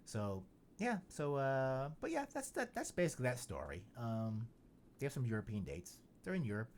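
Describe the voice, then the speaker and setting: This male podcast host speaks at normal speed and medium pitch with big swings in intonation. His casual chat rambles and jokes, full of "you know" fillers, over slight background noise.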